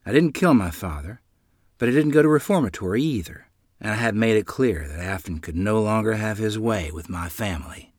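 A man narrating a memoir in the first person with a dramatic, expressive delivery. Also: lowish voice, fairly quick, no room sound, clean studio sound.

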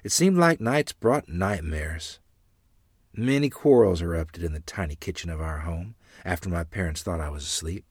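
A man reads a family memoir in a deep, husky voice with a lively, rising and falling delivery. The sound is close and dry, with no room around it. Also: normal speed, dry recording. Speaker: narrator. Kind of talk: memoir audiobook reading.

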